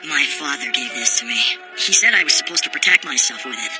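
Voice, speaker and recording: A man plays a determined young hero in an animated series. He talks quickly and earnestly, his pitch a bit above average. Music sounds clearly behind him. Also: natural voice. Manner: sincere, resolved. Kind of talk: anime dub acting.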